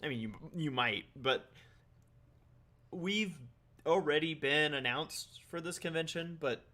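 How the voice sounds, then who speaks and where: A man co-hosting a podcast chats casually, rambling, laughing often and eating while he talks. His voice is a little high, slow-paced, pushed and bright.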